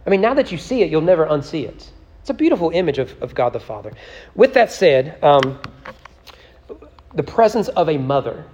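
A man's voice: fairly high pitch, sing-song, brisk, darkish tone, long reverb tail, muffled recording. A man teaching a church Bible study in a conversational way, often asking "right?" and reading scripture aloud with emphasis. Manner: conversational, repeats words and tags lines with "right?".

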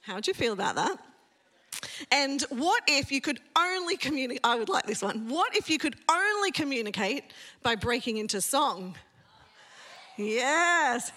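A woman's voice: high voice, sharp tone. A woman pastor giving a sermon in a church, chatty and self-mocking, telling funny stories to the congregation.

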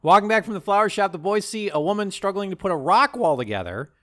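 A man's voice: high voice, fast. A man co-hosting a podcast, recapping a movie in casual, joking chat. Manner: jokey, animated storytelling with silly quoted voices. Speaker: podcast co-host.

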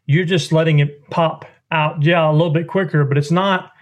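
A man's voice: a little high, steady tone, normal speed, dull audio. A man, a duck call maker explaining calling technique in a rambling, folksy way during a podcast interview.

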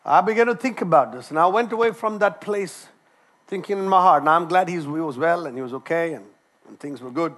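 High-voiced man preaching a sermon. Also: a little fast. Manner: animated, repeats words and restarts. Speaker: doctor. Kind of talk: sermon with personal story.

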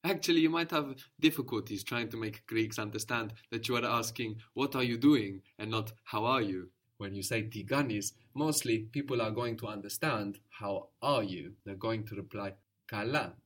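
Patient man teaching a language lesson. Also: fairly low pitch. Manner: patient, encouraging, explains slowly with repetition.

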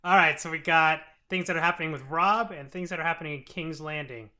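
A man's voice: fairly high pitch, fast, sharp tone. A man co-hosting a comedy podcast, recapping a TV series in a loose, rambling way and laughing often. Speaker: podcast co-host summarizing a TV series.

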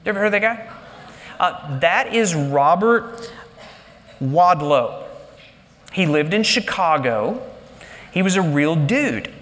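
A man delivers a sermon in a large church with an animated preaching style. His voice sits high and leaps up for emphasis before sinking low and slow. The sound carries a long reverb from the hall. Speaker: pastor.

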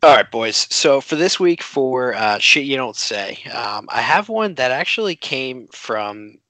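A man's voice: medium pitch, lively intonation, unhurried, pushed and bright, no echo. A young man co-hosting a podcast, telling a story in casual, slangy chat and laughing along. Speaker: podcast co-host.

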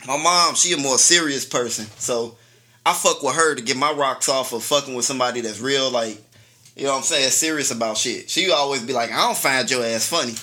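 A man's voice: mid-range voice, brisk, bright, forceful tone. A man co-hosting a casual talk show, telling a long story in a laid-back, profane way and laughing often. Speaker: podcast co-host.

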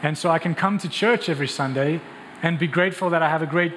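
A man's voice: fairly high pitch, fast talker, fairly bright tone, slight background noise. A man preaching a sermon with passion, asking rhetorical questions and restarting phrases as he builds his points. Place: large church hall. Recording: long hall reverb, faint ambience.

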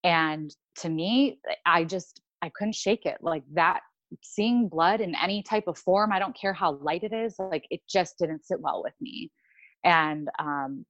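A woman's voice: on the low side, no echo, dull audio. A young woman telling a personal story in casual chat, with many fillers and restarts. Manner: rambling, lots of fillers and restarts. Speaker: podcast guest.

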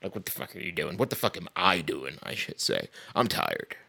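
A man with a very low voice and a gravelly, creaky edge rants on his own podcast. He talks bluntly and profanely, with a sarcastic bite and laughs between his points. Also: huge pitch swings, moderate pace, pushed and bright. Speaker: podcast host. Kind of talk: casual podcast rant.

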